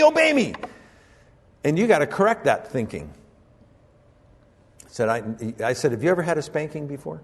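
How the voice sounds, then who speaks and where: Older man, pastor, sermon, storytelling, voice jumps high, church hall echo. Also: big pitch swings, moderate pace, pauses often, husky. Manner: storytelling preacher, acts out voices with sudden high pitch jumps. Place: church sanctuary.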